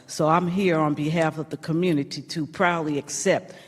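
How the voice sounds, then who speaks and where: A man's voice: on the high side, fairly even intonation, moderate pace, breathy edge. A man speaking as a disability advocate, giving an earnest acceptance speech at a council meeting and repeating his key points for emphasis. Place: council chamber. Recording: reverberant council chamber.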